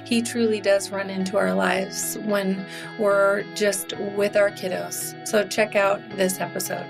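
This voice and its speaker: A woman's voice: mid-range voice, flat delivery, unhurried, creaky, over music. A woman in her forties hosting a podcast, talking in a casual, earnest and encouraging way. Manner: earnest and encouraging, with fillers and restarts. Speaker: podcast host. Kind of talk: casual heartfelt podcast talk.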